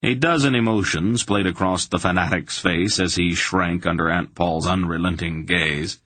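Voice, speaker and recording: A male narrator reading a fantasy audiobook in a measured, storytelling manner. His voice is deep and husky, recorded dry and close with no room sound. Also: steady tone, fairly bright tone, no echo.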